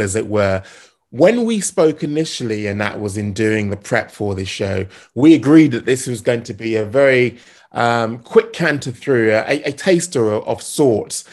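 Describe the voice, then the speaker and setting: A man hosting a podcast in casual conversation, speaking in a measured, thoughtful way. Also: mid-range voice, a little mellow. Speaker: podcast host.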